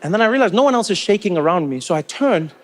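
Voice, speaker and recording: A man with a South African accent performing stand-up comedy, animated and acting out characters. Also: high voice, fast talker, background noise. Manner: animated, acts out voices.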